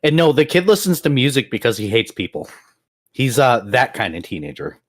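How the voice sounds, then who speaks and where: Lively-voiced man running a tabletop game. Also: medium pitch, a little fast. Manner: relaxed, chuckling, talks while eating. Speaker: game master.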